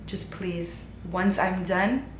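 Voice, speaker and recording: A woman softly doing a sweet, hushed female ghost. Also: on the low side, steady tone, takes it slowly, reverberant, a little hiss or hum. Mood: soft, tender. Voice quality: very soft, sweet, near-whispered. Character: gentle female ghost with long black hair.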